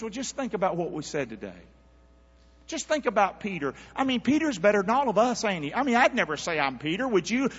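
Brief: male pastor, folksy call-and-response sermon, lively bright voice, dull sound in a big echoing church. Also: high-pitched, a little fast, slightly rough. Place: church sanctuary. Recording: dull audio in a reverberant hall.

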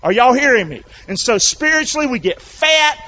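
A male pastor preaching a sermon, calling out to the congregation and rising to shouts. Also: extremely high pitch, big pitch swings, normal speed, muffled recording. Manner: loud call-and-response preaching, rising to shouts.

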